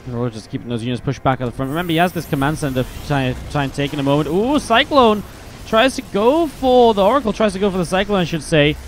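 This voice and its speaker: A man's voice: fairly high pitch, very fast, hardly any pauses, a little hiss or hum. A man with an English accent casting a live strategy game match, mixing play-by-play calls with chatty asides. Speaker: esports caster.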